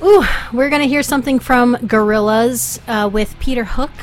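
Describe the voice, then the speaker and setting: A woman's voice: on the high side, normal speed. Playful woman co-hosting a radio show. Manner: playful, giggly, gushing about music. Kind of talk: casual radio banter.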